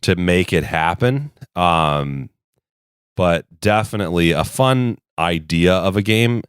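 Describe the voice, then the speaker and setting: A man's voice: low voice, lively intonation, slow pace, clear, resonant tone, dry recording, clean studio sound. A man in his thirties co-hosting a casual podcast, telling rambling, enthusiastic stories. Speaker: podcast co-host. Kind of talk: casual chat.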